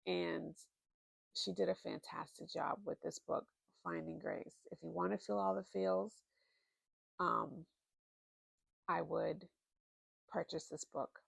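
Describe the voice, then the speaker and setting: A woman's voice: fairly low pitch, steady tone, takes it slowly, vocal fry, long pauses, husky, no room sound. A married woman chatting casually and expressively about books she recommends, with plenty of fillers. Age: adult, married. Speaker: book vlogger.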